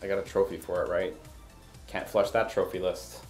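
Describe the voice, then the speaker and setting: A man giving casual game review commentary, sarcastic and exasperated, breaking into animated rants. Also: low-pitched, normal speed, faint music behind.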